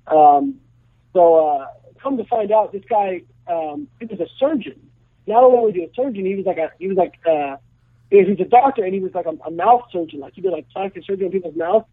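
Young guy rambling thru a story on the phone, kinda high voice, full of you-knows, tinny dry line. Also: lively intonation, fairly quick, dry recording. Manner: rambling, filler-heavy, laid-back. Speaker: guest. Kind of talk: casual storytelling on a call-in show.

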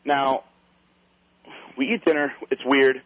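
A man casually telling a wild anecdote, animated and swearing, acting out other people's lines. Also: medium pitch, slow pace, no room sound, rough recording.

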